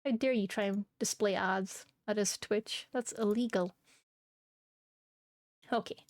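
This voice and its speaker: This woman streamer has a medium-pitched, steady voice at normal speed, recorded clean in the studio with no room sound. She's playful, giggly and silly, joking and laughing often as she chats casually with viewers.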